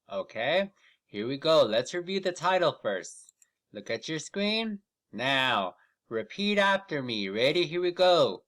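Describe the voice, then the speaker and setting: Patient and encouraging, a man guides students through an online reading lesson, reading aloud and stretching words out slowly. He speaks at a medium pitch with a fairly bright tone.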